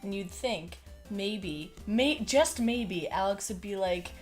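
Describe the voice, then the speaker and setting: A woman's voice: medium pitch, animated, slow, soft background music. Young woman, mocking and exasperated. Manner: mocking, exasperated, acts out scenes in mock voices. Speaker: podcast co-host. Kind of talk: casual chat.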